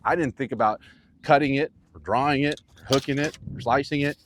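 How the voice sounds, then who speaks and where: A man giving an on-course golf lesson outdoors, coaching in a playful, animated way with vivid imagery. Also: mid-range voice, fairly quick, slight background noise. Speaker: golf instructor.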